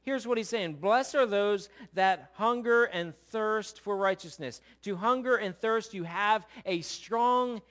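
A man's voice: high-pitched, measured pace, hardly any pauses, fairly bright tone. A middle-aged man pastor giving a sermon in a church, talking conversationally and joking with his congregation. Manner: conversational, jokey, checks in with congregation. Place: church sanctuary.

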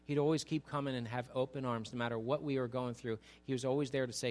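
A pastor preaching a sermon in a conversational way, with asides to the congregation, and building to an emphatic, raised delivery. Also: male voice, medium pitch, fast talker, hardly any pauses.

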